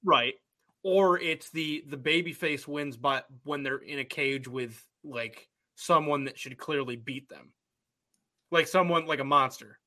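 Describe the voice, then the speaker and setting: A man with a fairly high, bright voice talks through wrestling ideas in a casual chat. He tells it playfully and with animation, building each step out loud. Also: a little slow. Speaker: podcast co-host.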